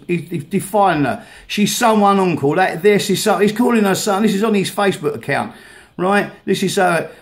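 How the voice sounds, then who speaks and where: A vlogger ranting angrily while playing clips of videos, swearing heavily and stumbling over repeated words. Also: male voice, high-pitched. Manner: swears heavily, halting and repetitive. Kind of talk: angry rant over played videos.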